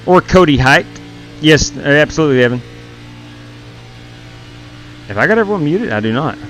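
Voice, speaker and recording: A man's voice: a little high, animated, normal speed, long pauses, fairly bright tone. A man hosting a sim racing live stream through a gaming headset, chatting casually with viewers while running the race lobby.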